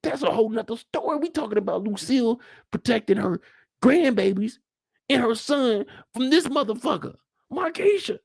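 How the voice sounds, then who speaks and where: Animated young man with a gravelly voice. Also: extremely high pitch, normal speed, no echo, studio quality. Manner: animated, slangy, acts out scenes. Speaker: show recap host. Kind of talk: casual TV recap commentary.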